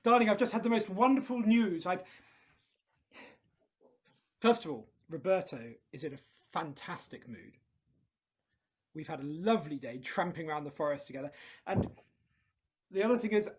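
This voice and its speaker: A man playing a smooth, smug husband with a put-on British manner who calls everyone darling in a live improv comedy scene. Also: sits high, expressive, moderate pace, long pauses. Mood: breezy. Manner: breezy, faux-British, says darling constantly. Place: live stage show.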